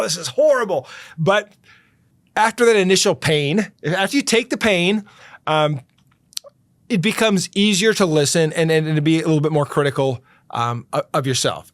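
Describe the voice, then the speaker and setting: A middle-aged man, a podcast host, answering interview questions in an earnest, emphatic way and slowing down to stress his key points. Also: fairly high pitch, fairly bright tone, no room sound.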